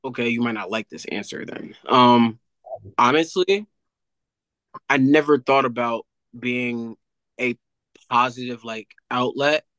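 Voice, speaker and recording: Bright-voiced young man telling a story. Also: medium pitch, a little slow, pauses often, no room sound, low-quality recording. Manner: animated, fillers of "like". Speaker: athlete guest. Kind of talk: casual storytelling.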